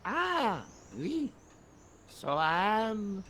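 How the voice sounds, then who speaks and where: Game casting: slow, high, lilting French cop who can't be bothered. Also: male voice, very animated, bright, forceful tone, a little hiss or hum, exaggerated voice. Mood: languid. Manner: languid, unbothered, drawling. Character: lazy, amused French male police officer.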